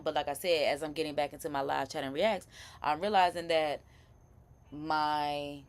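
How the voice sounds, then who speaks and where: A young woman hosting a casual live chat, chatty and rambling, with laughing asides and many restarts. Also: low-pitched. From Florida. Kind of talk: casual commentary.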